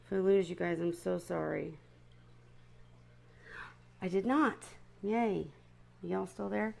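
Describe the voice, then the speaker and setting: A woman's voice: on the low side, slow pace, gravelly, long pauses, mellow. A woman chatting casually to viewers on a live stream about her seahorses, often stopping to apologize.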